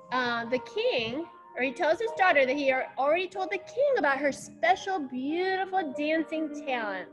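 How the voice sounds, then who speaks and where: Lady ballet teacher telling kids a story, high voice, takes her time, bit of music. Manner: slow, animated storytelling with counting instructions. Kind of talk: storytelling dance class for children.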